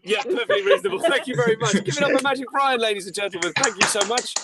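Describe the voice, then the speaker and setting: A man's voice: very high voice, expressive, very fast, over a noisy crowd. A man hosting a live-streamed comedy show, wry and rambling, with asides and the odd swear word. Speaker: host.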